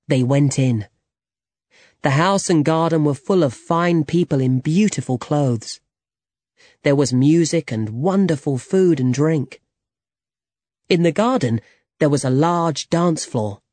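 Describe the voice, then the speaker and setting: A narrator reads a simplified novel aloud at a very slow, deliberate pace. The delivery is plain and clear. The recording is dry and close, with no room sound. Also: mid-range voice, darkish tone, no room sound. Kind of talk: audiobook reading of a simplified novel.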